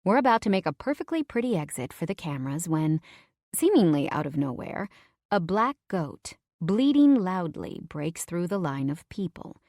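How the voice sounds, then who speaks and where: A woman narrating a first-person romance audiobook in a studio, expressive and dropping to whispers for inner thoughts. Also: on the low side, normal speed, no echo.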